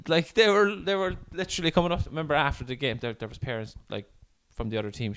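A man's voice: a little high, steady tone, fast talker, few pauses, fairly bright tone, clean tone. An Irish man hosting a comedy podcast, telling stories in casual, sweary chat and slipping into acted quotes.

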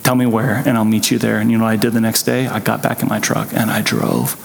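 Speaking quickly in a gravelly, fairly low voice with a level tone, a pastor tells his personal story during a sermon with earnest emotional intensity. It's recorded in a church sanctuary whose echoey hall adds long reverb.

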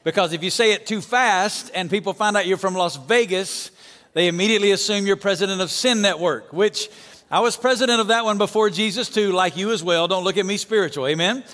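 A man from Alabama with a Southern accent delivers a sermon as a guest pastor. His voice sits high, and the church auditorium adds a long reverb tail. He preaches with energy and prompts the crowd to call back amen. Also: fairly quick. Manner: energetic, calls for amens and audience response.

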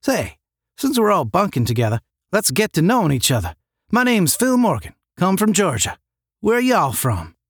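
A man's voice: high voice, huge pitch swings, moderate pace, no room sound, clean studio sound, voice pushed up, full character voice. A man voicing a friendly young cadet with a Southern US drawl in a space-academy story.

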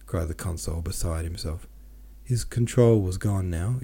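A man narrates a classic novel in a measured, deliberate reading. His voice is low and gravelly. The tone is very dark and warm, with a husky grain. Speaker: audiobook narrator, podcast host.

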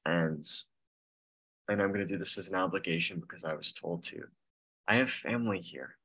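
Deep-voiced young man, earnest. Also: sharp tone, slightly rough, low-quality recording. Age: 20s. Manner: earnest, halting, laughs nervously. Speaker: meeting member sharing. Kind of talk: casual personal share. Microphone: video call.

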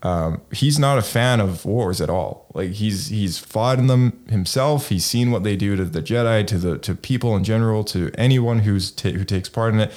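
A man's voice: on the low side, moderate pace, few pauses, darkish tone. A man co-hosting a casual chat, rambling and full of fillers and hedges. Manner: rambling, filler-heavy, hedging. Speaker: podcast co-host.

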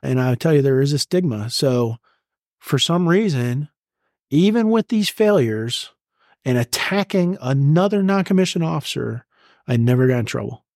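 A man's voice: mid-range voice, lively intonation, moderate pace, vocal fry, darkish tone, no echo, studio quality. A middle-aged American man, a retired senior soldier, telling his story bluntly and with plenty of swearing in an interview. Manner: blunt and profane, emotional retelling. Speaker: guest, retired command sergeant major.

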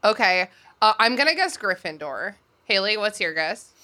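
A woman's voice: medium pitch, big pitch swings, normal speed, bright, forceful tone. A woman in her late twenties co-hosting a podcast, giggly and jokey in an irreverent, casual chat. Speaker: podcast co-host.

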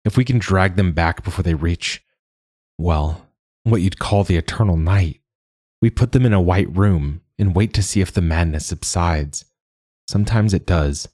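A man doing a gruff weary boss. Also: low voice, normal speed, darkish tone, no echo.

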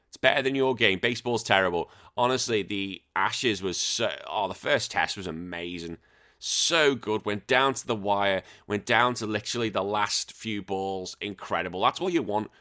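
Brief: male podcast host, thirties, low-ish voice, sweary jokey rants. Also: moderate pace, pushed and bright. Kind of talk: casual chat.

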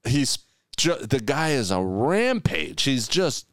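A man's voice: medium pitch, big pitch swings, slow pace, fairly bright tone, no room sound, clean studio sound. A man co-hosting a podcast in casual chat, telling stories with animation and acting out other people's voices. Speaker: podcast co-host.

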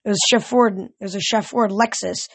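A man reading a novel aloud as a fan audiobook, steady with occasional slips and restarts. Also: high-pitched, moderate pace, gravelly, breathy edge, no echo. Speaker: audiobook reader.

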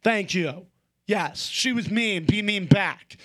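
High-voiced, rambling, profane, stoned podcast host. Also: male voice, slow, fairly bright tone. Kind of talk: casual chat. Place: at home.

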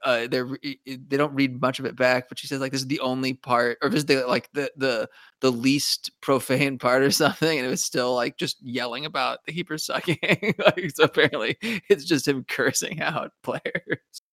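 A man's voice: mid-range voice, steady tone, normal speed, fairly bright tone, no room sound, studio quality. A man co-hosting a podcast, chatting casually about a TV episode, often stumbling and restarting his words. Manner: stammering restarts, chuckling. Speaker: podcast co-host. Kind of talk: casual TV recap chat.

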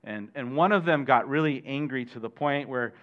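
A middle-aged man preaching a sermon as pastor, animated, questioning his listeners and adding jokey asides. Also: medium pitch, normal speed. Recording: dull lo-fi sermon recording.

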